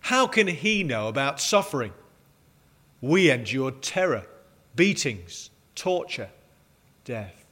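A man's voice: mid-range voice, sing-song, slow pace, long pauses, sharp tone, heavily acted. A man voicing a bitter, defiant young woman as he reads a story aloud in a sermon.

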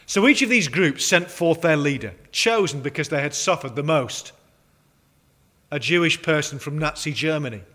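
A man preaching, opening with a prayer and reading a story aloud, slowing down on key words. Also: on the high side, fairly bright tone. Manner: measured, slows on key words.

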